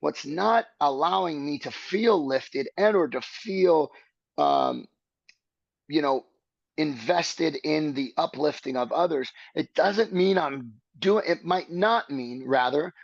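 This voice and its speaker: A man's voice: fairly high pitch, creaky, no room sound, muffled recording. A man speaking as a podcast guest, earnest and searching, building his thoughts step by step in a reflective conversation.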